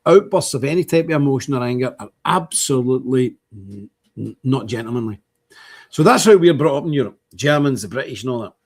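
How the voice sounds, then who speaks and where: An older man with an Ulster accent, hosting a livestream in rambling, opinionated casual chat, his voice jumping up when he gets animated. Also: mid-range voice, a little fast, slightly rough. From Northern Ireland. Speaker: livestream host.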